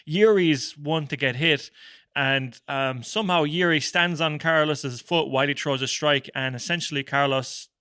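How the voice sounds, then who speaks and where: A man's voice: a little high, moderate pace, pushed and bright, clear, resonant tone, dry recording, clean studio sound. A man on a podcast explaining a fight with lots of fillers. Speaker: podcast co-host. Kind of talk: casual fight breakdown.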